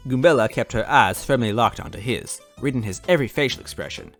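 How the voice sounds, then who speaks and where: A man's voice: medium pitch, fast, a bit bright, faint music behind. A man reading fan fiction aloud in first person, adding wry asides to the listener. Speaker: story reader.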